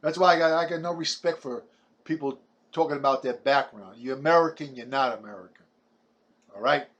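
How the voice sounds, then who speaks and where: A man's voice: medium pitch, brisk, a bit bright, dull audio. A man, delivering a blunt, combative ranting monologue full of stumbling restarts. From Brooklyn, New York. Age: 70s. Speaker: vlogger.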